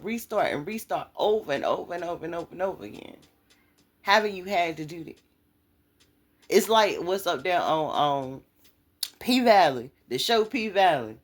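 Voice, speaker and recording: Lively woman preaching faith, lots of repetition. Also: lowish voice. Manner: conversational, preachy, repeats phrases for emphasis. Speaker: inspirational speaker. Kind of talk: motivational faith talk.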